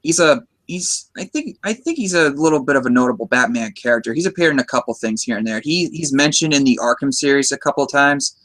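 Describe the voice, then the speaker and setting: A man's voice: medium pitch, lively intonation, fast, hardly any pauses, fairly bright tone. An American man hosting a casual movie discussion podcast, talking in a chatty, enthusiastic way with frequent restarts. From United States. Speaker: podcast host.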